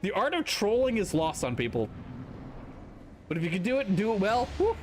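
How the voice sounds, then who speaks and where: A man streaming a game, chatting casually with viewers and telling animated stories, swearing freely. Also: sits high, a little fast, a little hiss or hum. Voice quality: profane, animated storytelling. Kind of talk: casual gameplay chat with viewers.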